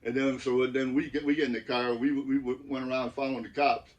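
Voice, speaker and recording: Detroit-area male co-host, relaxed storyteller, distant mic. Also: medium pitch, a little fast, muffled recording. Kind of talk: casual storytelling chat.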